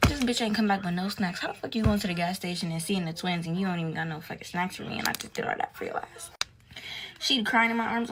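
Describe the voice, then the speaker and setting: Young woman with a gravelly, slangy storytime voice. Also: on the low side, a little fast, noisy background. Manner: slangy, profane, dramatic retelling. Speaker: storytime vlogger. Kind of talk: casual storytime.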